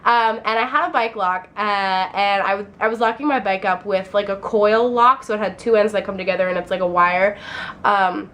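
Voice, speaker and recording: A woman's voice: mid-range voice, moderate pace, a bit bright, rough recording. A young woman, a college student, chatting casually and rambling through a vlog tour of her dorm room, sounding a little tired. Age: young adult. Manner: chatty and rambling, with many fillers.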